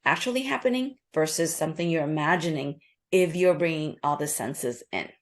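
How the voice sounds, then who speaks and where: Lowish-voiced woman guest walking through a calming trick, quick and earnest, acts out the inner voice sometimes. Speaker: author and nurse practitioner guest. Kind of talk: explaining a calming method in an interview.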